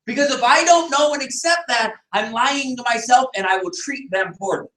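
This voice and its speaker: A man's voice: extremely high pitch, normal speed, pushed and bright. A man leading a business team meeting, talking emphatically, firing rhetorical questions and sometimes raising his voice. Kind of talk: motivational team meeting talk. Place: meeting room with a group. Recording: echoey room, picked up from a distance.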